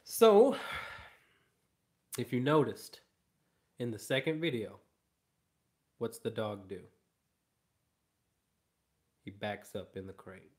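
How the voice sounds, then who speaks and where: A male dog trainer explains his method in an emphatic way, repeating key phrases for weight. He speaks slowly, with an unhurried delivery. His voice sits at an ordinary middle pitch. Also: sing-song, a little mellow. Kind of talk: instructional explanation.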